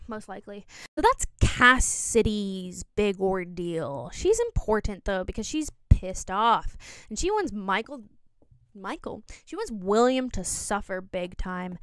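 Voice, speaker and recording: A woman's voice: fairly high pitch, smooth, no room sound. A young woman on a phone mic indoors, casually explaining a game theory with rambling, self-correcting jokey asides. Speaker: video essay host.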